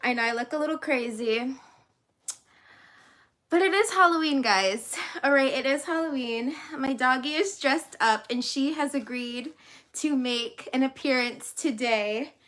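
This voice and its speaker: A bubbly woman coach chats straight to camera from home, quick to laugh and full of asides. Her voice sits high and rings bright and crisp. The talk is loose and friendly rather than scripted. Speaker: life and business coach.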